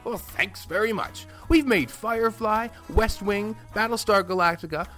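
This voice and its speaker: A man's voice: mid-range voice, big pitch swings, a little fast, soft background music. A man playing a pushy, mocking television network executive in a comedy sketch. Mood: indignant. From Canada. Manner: loud, showy, mocking. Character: brash male TV network executive, pushy and smug.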